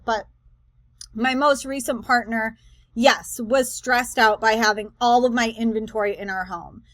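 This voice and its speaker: Woman host, high voice, rambling reaction commentary, dry close sound. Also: unhurried, no echo. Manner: chatty, rambling, animated asides.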